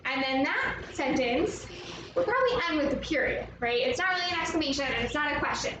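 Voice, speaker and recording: A young woman teaching an online arts lesson to young children, speaking in an upbeat, slow and clear way and inviting the viewer to join in. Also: sits high, lively intonation. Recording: roomy, echoey, from a distance with background noise.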